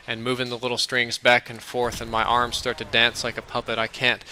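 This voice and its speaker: A man rambling through a dream story while commentating on gameplay. His voice is very bright and forward, with a medium pitch. A faint hiss runs underneath. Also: fairly quick, rough recording. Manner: casual, rambling, animated retelling. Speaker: gaming commentator.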